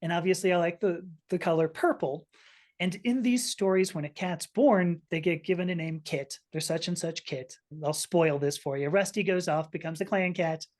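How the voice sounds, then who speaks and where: Earnest lowish-voiced woman in her fifties. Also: moderate pace, darkish tone. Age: 50s. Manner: earnest, emotional, frequent restarts. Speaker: podcast guest. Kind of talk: personal storytelling.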